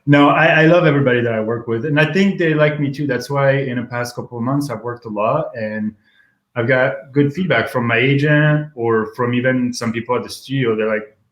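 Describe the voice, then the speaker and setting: A man's voice: mid-range voice, a little fast. French guy around 30, accented, chatty and laughing a lot, echoey kitchen sound. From France. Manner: laughs often, candid and joking. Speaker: guest. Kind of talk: casual interview chat. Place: home kitchen. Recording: roomy home kitchen sound.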